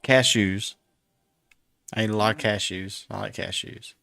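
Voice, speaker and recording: A man's voice: lowish voice, fairly even intonation, a little slow, vocal fry, sharp tone, dry recording, soft background music. A man, rambling and laughing through a casual late-night stream chat and swearing now and then. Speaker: stream host.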